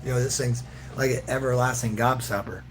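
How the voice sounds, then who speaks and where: Reading out chat on his casual livestream, a man speaks at a moderate pace in a steady, mid-range voice, with some background noise present. His replies are loose, slangy and jokey, punctuated by frequent laughs.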